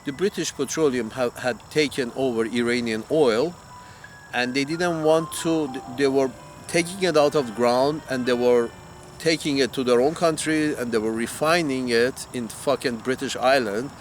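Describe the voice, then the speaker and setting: A man's voice: mid-range voice, normal speed, slight background noise. A man ranting in a heated, profane monologue, repeating himself and restarting as he goes. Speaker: commentator.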